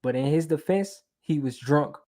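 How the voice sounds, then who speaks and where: A man's voice: fairly high pitch, moderate pace, dark tone. A man hosting a commentary video, narrating a scripted, argumentative breakdown point by point. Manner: argumentative, explains step by step. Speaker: commentary channel host.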